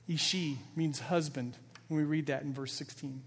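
A man's voice: on the high side, steady tone, normal speed, husky. A man preaching a sermon as a pastor, earnest and building emphasis as he quotes scripture with feeling. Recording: long reverb of a large hall.

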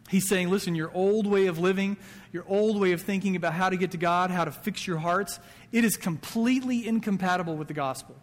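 Male pastor, conversational sermon, higher voice, long hall reverb. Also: a little fast. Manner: conversational preaching with quoted asides. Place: church sanctuary.

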